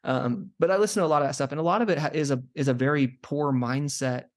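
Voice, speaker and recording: A man's voice: on the high side, fast. A young man who is a chiropractor, a guest on a podcast, talking casually and rambling through stories with lots of "like" fillers. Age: young adult. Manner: rambling storyteller, many "like" fillers. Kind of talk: casual interview chat.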